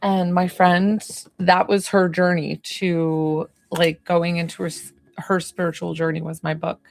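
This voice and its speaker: A woman's voice: on the low side, flat delivery, measured pace, vocal fry. A woman doing a live psychic medium reading, rambling and hesitant with lots of fillers, sounding tired. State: tired, yawning.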